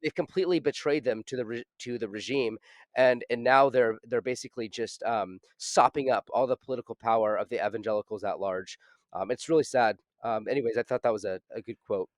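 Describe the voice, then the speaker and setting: A man hosting a casual podcast discussion, thoughtful and halting, with many fillers. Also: mid-range voice, dry recording, studio quality.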